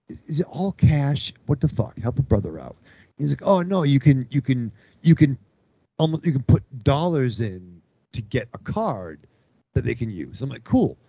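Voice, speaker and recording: A man's voice: mid-range voice, creaky, darkish tone, dry recording. A man co-hosting a podcast, telling a long story with lots of swearing and acting out other people's lines. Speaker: podcast co-host. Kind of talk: casual storytelling with profanity. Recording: dull, dry podcast audio.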